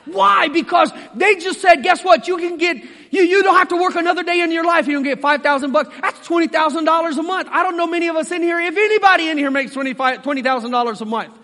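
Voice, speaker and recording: A man preaching a sermon as pastor, folksy and animated, acting out the voices he quotes. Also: extremely high pitch, fast talker, hardly any pauses, long reverb tail.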